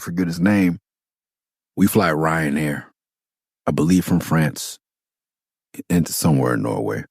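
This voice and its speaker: A man in his forties from Los Angeles, hosting a podcast and telling stories in an animated, profane way. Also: deep voice, no echo, clean studio sound. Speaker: podcast host. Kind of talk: casual storytelling.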